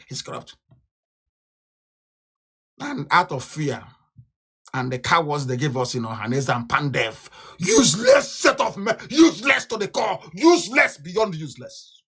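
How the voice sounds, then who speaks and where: A man giving an impassioned political broadcast, fiery and scornful, repeating himself and bursting into shouts. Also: sits high, slightly rough. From Nigeria. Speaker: activist leader.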